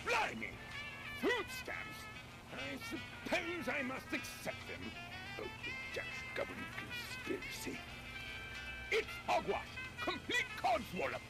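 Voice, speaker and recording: Fussy shopkeeper with a fake British accent, very high and swooping, game music behind. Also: male voice, big pitch swings, slow, full character voice. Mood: flustered. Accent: put-on British. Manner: theatrical, fussy exclamations. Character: excitable male shopkeeper with fake British airs.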